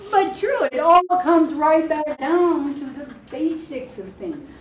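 A woman from Hawaii with a Hawaiian Pidgin lilt gives an unhurried workshop talk, chatty and playful, her voice a bit high. She is picked up from across an echoey room with faint ambience behind her. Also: animated, distant mic, slight background noise. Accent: Hawaiian Pidgin-tinged English. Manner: chatty and playful, laughs often, mixes in Hawaiian words. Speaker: spiritual teacher.

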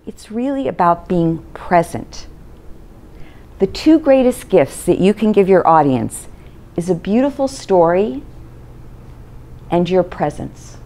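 A woman's voice: on the low side, slow pace, pauses often. A woman presentation coach giving a short storytelling talk to an audience, acting out the voices of people in her story. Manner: lively storyteller, acts out voices in quotes.

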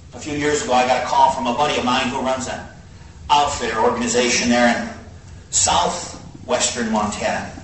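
A man preaching a sermon, telling a folksy story in an animated way and swinging between quiet low asides and high exclaims. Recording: echoey hall from far off, faint hiss.

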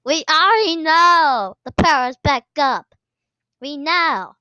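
A woman commenting on a game as she plays, excitable, often squealing and laughing. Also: high voice, slow pace, no room sound. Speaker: gaming video creator. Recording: slightly dull lo-fi sound, dry.

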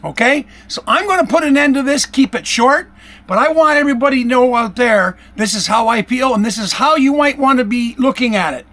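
A man from Michigan, a vlogger, delivers a heated, yelling, accusatory political rant straight to his camera. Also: very high-pitched, animated, brisk. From Michigan, USA. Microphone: camera-facing, self-recorded.

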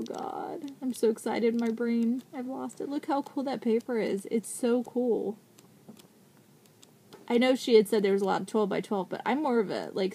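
A woman in her thirties gushing with excitement as she unboxes craft supplies in a casual vlog, thanking the sender again and again. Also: mid-range voice, vocal fry, slight background noise. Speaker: vlogger unboxing craft mail.

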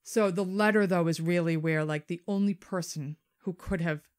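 A woman with a somewhat low voice tells a true-crime story to her co-host. She talks in an animated, loose way and swears freely. It is casual podcast chat. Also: moderate pace.

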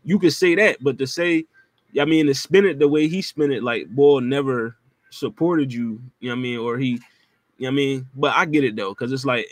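A man's voice: mid-range voice, dry recording. A man co-hosting a podcast, talking casually and laid-back, leaning on filler phrases. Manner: relaxed, hedging with fillers. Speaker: podcast co-host. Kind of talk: casual chat.

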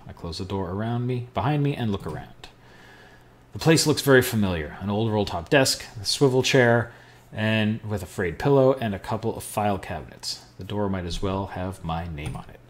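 Reading game text aloud and adding wry, offhand remarks, a male podcast host works through an adventure game as a casual let's-play. He speaks at a moderate pace in a fairly low pitch.

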